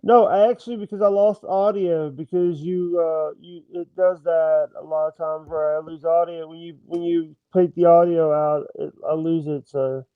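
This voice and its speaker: High-voiced man on a lo-fi call. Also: steady tone, clean tone, no echo. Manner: hesitant, halting, repeats himself. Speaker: call-in guest. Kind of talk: casual chat over a call.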